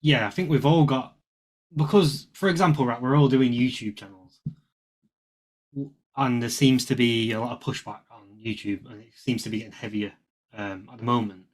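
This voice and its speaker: A man co-hosting a podcast discussion, talking in a halting way and searching for words. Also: mid-range voice. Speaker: podcast co-host. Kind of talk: casual discussion.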